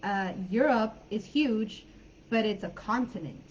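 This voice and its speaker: American woman, English teacher, live online class, thinking out loud, dull stream audio, faint hiss. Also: mid-range voice, expressive, measured pace. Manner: thinking aloud, tentative and hesitant.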